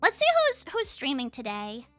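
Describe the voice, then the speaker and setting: Very high bubbly fast-talking woman. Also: very animated, fairly bright tone, faint music behind. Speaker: streamer. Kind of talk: casual chat with live chat.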